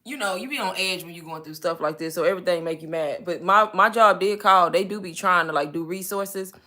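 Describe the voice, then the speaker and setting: A young woman hosting a live stream, telling stories in an animated, chatty way. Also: lowish voice, brisk. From Texas. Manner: animated storytelling with laughs. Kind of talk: casual chat.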